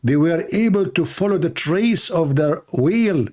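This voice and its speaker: A man's voice: on the high side, lively intonation, a little slow, dark tone. A man hosting a livestream, giving mocking commentary in a sarcastic, jokey, repetitive way, with the grammar of a non-native English speaker. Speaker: livestream host.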